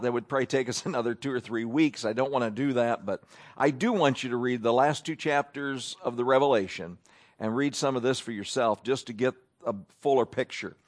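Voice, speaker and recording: A male pastor preaching a sermon in a conversational, sardonic way. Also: on the high side.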